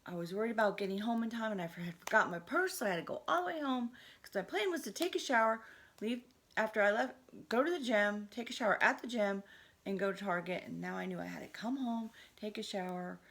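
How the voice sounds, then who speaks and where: A fast-talking woman in her fifties vlogs casually to camera, her mid-range, fairly bright voice full of lively intonation. Originally from Connecticut, she has a light Southern drawl and rambles hyperactively, jumping from thought to thought.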